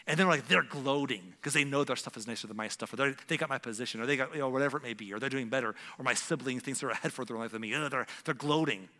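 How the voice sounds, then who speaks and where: Bright-voiced pastor in a hall. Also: male voice, medium pitch, very fast, few pauses. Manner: conversational, acts out little scenes with shifting voices. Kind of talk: sermon.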